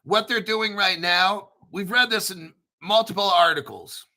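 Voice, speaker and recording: Sharp, bright-voiced man ranting on camera. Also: high-pitched, unhurried. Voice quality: frequent throat clearing. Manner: emphatic, repetitive, rambling, profane. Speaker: crypto channel host. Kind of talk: casual video monologue.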